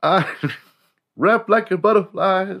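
A man putting on the voice of a loud, boastful man bragging about himself. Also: high-pitched, slow pace, voice pushed up, full character voice. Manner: grandiose, boasting.

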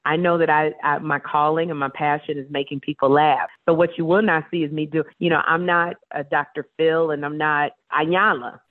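A woman guest in a casual interview, telling stories with animated energy and acting out voices. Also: low voice, normal speed, hardly any pauses, no echo. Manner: animated storyteller, acts out voices. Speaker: talk show host guest. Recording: tinny phone line.

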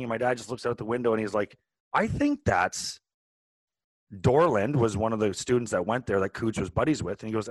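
Man in his forties, podcast co-host, rambling animated storyteller, dry close sound. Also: mid-range voice, no echo. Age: 40s. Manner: animated, rambling with many restarts. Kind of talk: casual storytelling.

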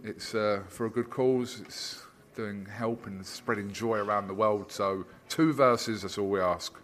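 A man's voice: lowish voice, unhurried, fairly bright tone, slight background noise. A man interviewing a fighter in a casual, jokey way with lots of fillers. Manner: jokey, teasing, filler-heavy.

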